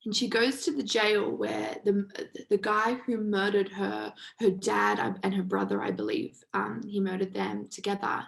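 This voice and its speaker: A woman's voice: medium pitch, lively intonation, normal speed, creaky, low-quality recording. A woman hosting a live online session, telling stories in an emphatic, casual way with some swearing. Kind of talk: motivational storytelling talk.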